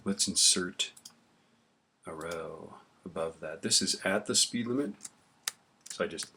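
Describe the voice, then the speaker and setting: Keyboard clicks and typing fill a noisy background as a low-pitched male teacher works through a spreadsheet tutorial recorded on screen. He speaks unhurriedly and casually, frequently asking "right?" to check in.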